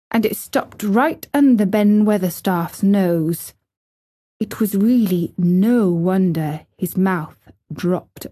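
A woman reading a classic novel aloud as an audiobook narrator, with measured, expressive storytelling. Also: mid-range voice.

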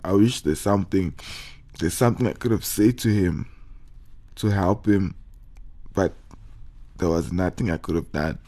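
A young man hosting a podcast, telling a personal story in a halting, emotional way, holding back tears and repeating his words. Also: lowish voice, dark tone. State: tearful, holding back crying. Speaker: podcast host.

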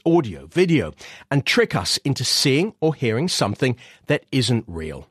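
A man hosting a documentary, presenting from a script in a measured way. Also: mid-range voice, husky, no room sound, clean studio sound. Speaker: documentary host.

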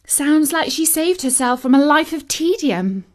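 A woman's voice: sits high, animated, a little slow, a little mellow, voice pushed up. A woman voicing a confident, self-assured teenage girl in a storybook who speaks in a smug, dry way.

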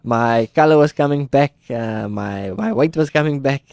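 A man's voice: medium pitch, moderate pace, creaky, darkish tone, clean tone, dry recording, studio quality. A South African man earnestly telling his own life story in an interview, acting out the people he quotes. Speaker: guest sharing his testimony. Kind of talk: personal testimony in an interview.

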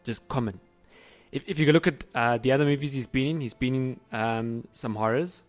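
Man, film review co-host, casual chat, relaxed, hesitant, middle pitch. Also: moderate pace, faint music behind. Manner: relaxed, hesitant, searching for words. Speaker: podcast co-host.

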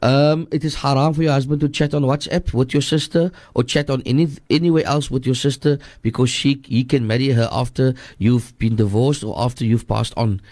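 Cape Town man, radio advice scholar, earnest and repetitive, middle pitch, dry studio mic. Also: steady tone, a little fast, hardly any pauses, a little mellow, no echo. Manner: earnest, repetitive, switches into Afrikaans. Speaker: radio guest scholar answering listener questions.

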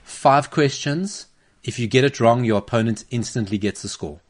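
Laughing, animated male podcast host. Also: mid-range voice, moderate pace. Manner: animated, laughs often, storytelling. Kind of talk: casual chat. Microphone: studio microphone.

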